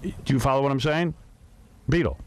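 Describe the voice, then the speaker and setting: A man's voice: medium pitch, moderate pace, a little mellow, slight background noise. A man hosting a radio talk show, needling a guest with teasing questions.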